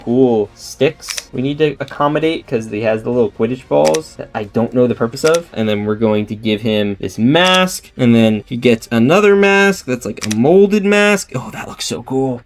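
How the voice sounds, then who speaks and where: Chatty guy unboxing toys, lots of slang, pitch bouncing up and down, mid-range voice. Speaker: toy unboxing channel host. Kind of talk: casual unboxing chat.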